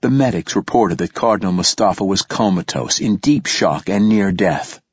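A man narrating a story in the first person, in a steady, measured way. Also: sits low, breathy edge, no echo. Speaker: audiobook narrator. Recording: dull lo-fi dry recording.

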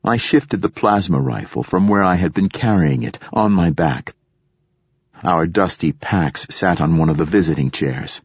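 A man narrating an audiobook in a steady, even storytelling manner. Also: low voice, normal speed, breathy edge, no echo. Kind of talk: scripted narration.

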